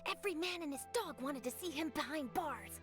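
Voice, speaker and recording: A woman's voice: high-pitched, lively intonation, fairly quick. A woman voicing a bubbly, self-assured young female journalist in a game, chatty and dramatic. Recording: game audio with faint music.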